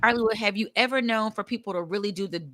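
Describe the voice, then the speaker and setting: A guest actress tells stories in casual conversation, animated and laughing as she acts out what other people said. Her voice is medium-pitched and she talks fast.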